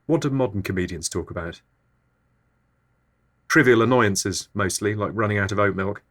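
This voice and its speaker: A man delivering an absurdist comic monologue as a podcast host in a deadpan, low-key way. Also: normal speed.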